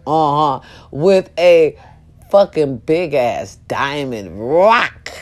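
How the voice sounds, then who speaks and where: Animated, profane woman vlogger. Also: sits low, drawn-out words. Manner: animated, profane storytelling with shrieks. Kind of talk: casual talk to viewers.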